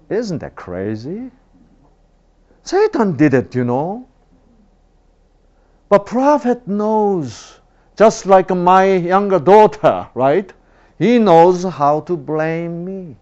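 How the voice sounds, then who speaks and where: Man preaching, lively swooping pitch, slow delivery, dull lo-fi sound. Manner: animated, rhetorical questions, swings from loud to hushed. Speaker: father. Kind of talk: sermon.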